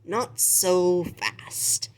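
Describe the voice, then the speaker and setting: Sneaky old pirate cook, a lady putting him on, low and drawn out, kinda secretive. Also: sing-song, very slow, a little mellow, full character voice. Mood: menacing. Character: sly man, a ship's cook and pirate.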